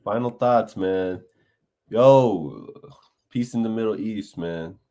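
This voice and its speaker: A man's voice: on the low side, slow, dark tone. A man co-hosting a comedy podcast, chatting casually with teasing banter and frequent laughs. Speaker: podcast co-host.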